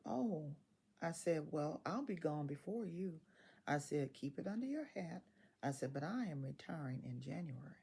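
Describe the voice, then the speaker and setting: A woman in her sixties, a retiree telling a story casually, animated and quoting others in dialogue, often laughing as she talks. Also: low voice, creaky, breathy edge.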